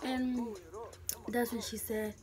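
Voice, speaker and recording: A woman's voice: fairly high pitch, flat delivery, slow pace, over music. A young woman telling a story frankly and casually, full of slang and swearing. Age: young adult. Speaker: vlogger.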